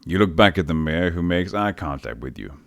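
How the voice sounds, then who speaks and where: A man with a low, deep voice reads an AI text adventure aloud for a stream. He is playful and theatrical and tosses in jokey asides. The sound is dry and close. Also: expressive, a little fast, gravelly, fairly bright tone, no room sound. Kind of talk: reading and reacting to an AI text game.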